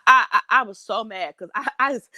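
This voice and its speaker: A woman, telling a story in animated, indignant casual chat. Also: on the high side, fairly quick, dry recording, soft background music. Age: 40s.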